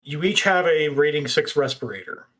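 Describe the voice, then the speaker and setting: A man's voice: fairly high pitch, lively intonation, moderate pace, a bit bright. A man running a tabletop role-playing game, narrating scenes and explaining rules. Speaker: game master.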